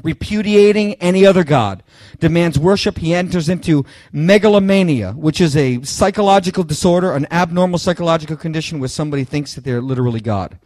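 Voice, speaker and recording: A man with a fairly high voice delivers a sermon, pressing his points with sudden loud bursts and talking straight to his listeners. He stumbles and restarts phrases as he goes. The sound is dry and close, with no room around it. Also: no room sound. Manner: emphatic, rising to loud bursts on key phrases; halting restarts, addresses listeners directly. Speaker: preacher.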